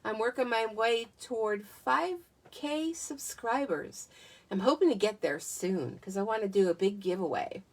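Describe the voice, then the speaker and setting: Her voice on the high side and her pace measured, an American woman with a Southern accent chats casually during a crafting livestream at home. She talks into a tablet, welcoming viewers by name.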